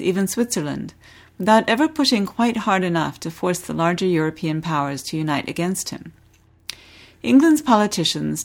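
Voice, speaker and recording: A woman hosting a book podcast, reading a novel excerpt in a measured, expressive way and interviewing an author. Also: on the low side, vocal fry. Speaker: podcast host.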